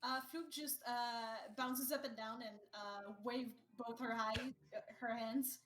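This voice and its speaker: A woman's voice: a little high, steady tone, unhurried, fairly bright tone. Hesitant woman player, roomy echo. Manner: hesitant, with many fillers. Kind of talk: describing her character's actions in a tabletop game.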